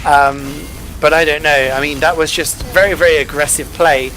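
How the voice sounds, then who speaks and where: A male esports caster giving relaxed, analytical color commentary with casual asides and jokes. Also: on the high side, moderate pace, slight background noise. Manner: chatty, jokey, lots of "you know".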